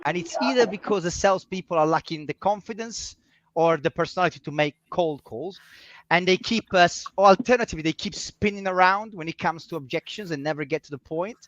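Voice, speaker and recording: A man's voice: high voice, fairly quick, fairly bright tone, dry recording. A man with an Italian accent, a cold calling trainer, chatting casually and making sales calls over a video call, often laughing at himself and restarting his sentences. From Italy. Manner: laughs often, self-mocking, hesitant restarts. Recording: dull lo-fi dry call audio.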